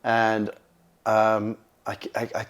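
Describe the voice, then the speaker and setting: Animated man telling stories. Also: lowish voice, slow pace. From England. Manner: animated, repeats words, acts out quoted speech, swears casually. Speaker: interview guest. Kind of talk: casual storytelling.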